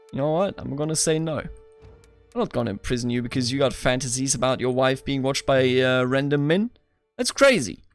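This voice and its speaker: A young man giving casual, playful gameplay commentary as the host, chatting back at the characters on screen. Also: fairly high pitch. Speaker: let's play host.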